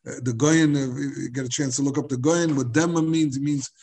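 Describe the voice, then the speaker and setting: A man teaching a Talmud class, halting and repeating words as he searches for them. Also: medium pitch, steady tone, creaky, darkish tone.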